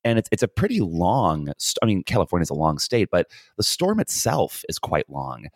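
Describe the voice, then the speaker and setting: Low voiced guy rambling on a podcast, lots of um and like, dry close sound. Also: wildly swooping pitch, normal speed, dry recording. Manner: rambling, many fillers and restarts. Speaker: podcast co-host. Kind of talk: casual chat. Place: lives in Ireland.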